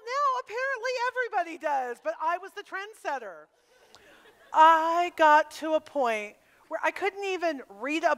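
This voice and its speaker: Inside a camp meeting hall at a women's retreat, a middle-aged woman gives a personal testimony with candid emotion, putting direct questions to her listeners. Her voice sits high with a fairly bright tone, and the live hall adds long reverb.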